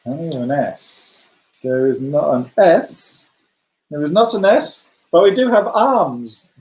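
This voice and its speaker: An encouraging man hosts a letter-guessing game for a children's club over a video call. His pitch jumps around animatedly while his pace stays slow and unhurried. The sound carries a roomy echo. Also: expressive, a little mellow. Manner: chatty and encouraging, praising players by name.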